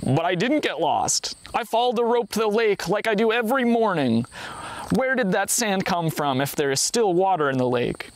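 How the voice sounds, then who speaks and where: A man voices a bewildered old blind man defending himself, his voice pitched up and slowed as he exclaims and protests. It is a storyteller's rendering of a fretful elder. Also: big pitch swings. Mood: protesting.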